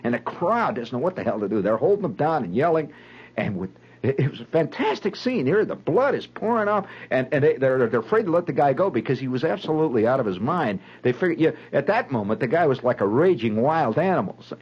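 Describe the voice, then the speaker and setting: A man's voice: medium pitch, very animated, fairly quick, darkish tone, breathy edge, poor audio. A man telling a dramatic personal story in a vivid, conversational way. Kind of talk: spoken storytelling monologue.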